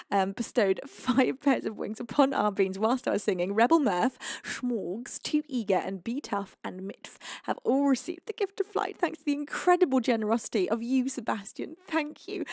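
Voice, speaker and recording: A woman's voice: on the high side, no echo, clean studio sound. A woman from the UK hosting a live music stream, gushing thanks to viewers between laughs and sounding out of breath. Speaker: livestream singer thanking viewers.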